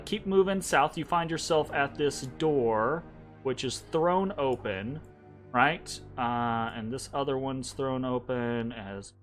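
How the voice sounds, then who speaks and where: A man narrating as game master in a tabletop game, casual and loose, with many fillers and tag questions. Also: medium pitch. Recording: faint background music.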